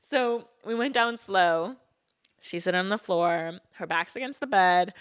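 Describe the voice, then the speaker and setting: A woman's voice: mid-range voice, a little slow, clean tone. A woman co-hosting a podcast, telling a personal story in a casual, loose way and laughing often. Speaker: podcast co-host.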